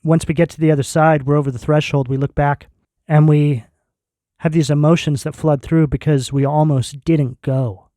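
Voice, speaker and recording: A fairly high-voiced man with a mellow, dark tone, reading tarot in slow, emphatic statements. He lands each line with intense conviction. The sound is dry and close. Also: fairly even intonation, no room sound. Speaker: tarot reader.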